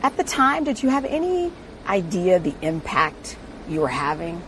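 Eager American woman interviewer, slightly low voice. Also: very animated, slight background noise. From United States. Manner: enthusiastic, quick with exclamations and laughter. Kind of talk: casual interview conversation.

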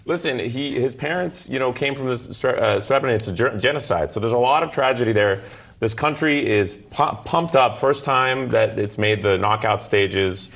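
Gravelly man from Bosnia, upbeat. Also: medium pitch, moderate pace, a bit bright. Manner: upbeat, laughs easily. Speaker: panel guest. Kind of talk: casual panel chat.

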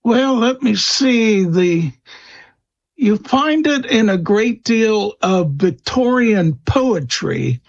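A man answering interview questions about old folklore, slow and hesitant, with many fillers and restarts. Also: high-pitched, expressive, lo-fi sound. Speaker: guest expert on vampire lore.

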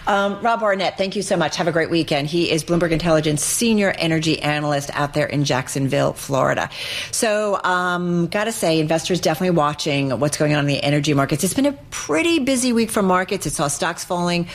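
Low-voiced woman financial news anchor. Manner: conversational, brisk questions. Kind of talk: live financial news hosting.

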